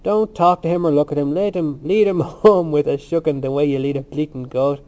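Curt, brutal young student with a dark-toned voice, as a male reader puts him on. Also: on the high side, fairly even intonation, normal speed, natural voice. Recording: muffled lo-fi recording.

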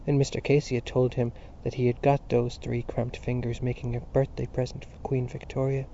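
A man narrating a novel as an audiobook in a measured, even manner, on a dull lo-fi recording. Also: mid-range voice, slight background noise.

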